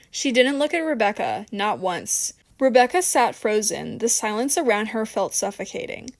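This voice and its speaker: A woman narrating an audiobook in a steady, even reading voice. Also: mid-range voice.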